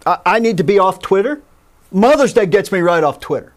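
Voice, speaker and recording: A man's voice: high-pitched, expressive, fairly quick. A man co-hosting a talk show, teasing his partner and ranting sarcastically. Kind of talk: casual talk show banter.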